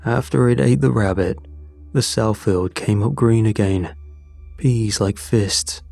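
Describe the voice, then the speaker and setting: A man voicing a dying old farmer father, hoarse and rasping, confessing weakly in a scripted horror story. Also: fairly low pitch, darkish tone, no room sound, faint music behind, full character voice. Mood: grim. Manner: weak, halting confession.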